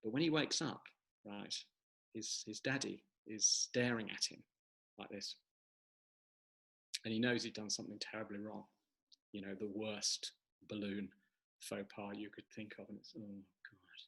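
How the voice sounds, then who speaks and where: A man's voice: on the low side, steady tone, moderate pace, creaky, long pauses, fairly bright tone, low-quality recording. A man, an author, chatting casually and rambling into a joke at an online book launch over a video call.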